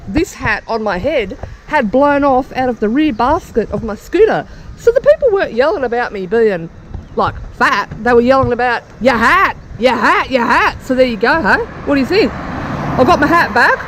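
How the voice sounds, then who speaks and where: A woman's voice: high voice, sing-song, normal speed, a little hiss or hum, low-quality recording. An Australian woman vlogging casually from her wheelchair on a street, telling stories in a chatty, self-mocking way. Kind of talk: casual vlog to camera.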